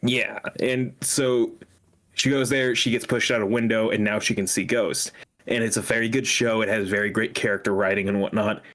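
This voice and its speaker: A young man co-hosting a casual podcast chat, ranting with animation and dropping into mocking high-pitched impressions. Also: steady tone, normal speed, a bit bright. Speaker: podcast co-host.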